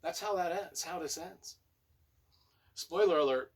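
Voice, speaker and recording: A man's voice: fairly high pitch, sing-song, moderate pace, fairly bright tone, slightly rough. A man giving a casual spoken review of a book, rambling through the plot with playful asides and frequent self-corrections.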